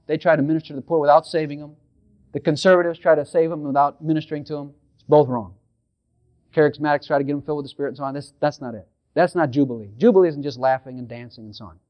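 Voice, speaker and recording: A man preaching a sermon with fervent emphasis, rising into quoted prayers. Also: on the high side. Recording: dull lo-fi recording.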